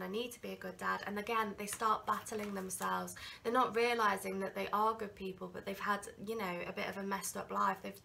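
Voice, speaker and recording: Gravelly bright-voiced woman reading tarot. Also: mid-range voice, a little hiss or hum. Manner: rambling, earnest, full of ums and restarts. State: has a cold. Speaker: tarot reader.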